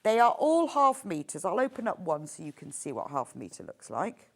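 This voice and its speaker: Presenting on a live shopping channel, a woman's voice swoops high and low with eager delight. She gushes enthusiastically over each item at a moderate pace, laughing easily and keeping her pitch lively from phrase to phrase.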